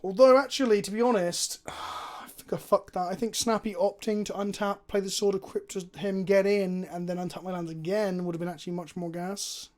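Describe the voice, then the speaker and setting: A man's voice: sits high, steady tone, normal speed, hardly any pauses, a little mellow. A man streaming a card game, commentating his plays casually, chatty and thinking aloud, with frequent swearing.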